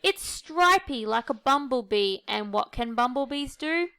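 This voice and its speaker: A lively toy kangaroo bursting with eager excitement, as a woman reading a storybook puts him on. The voice is bright and clear, pitched a little high. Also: measured pace, dry recording, heavily acted.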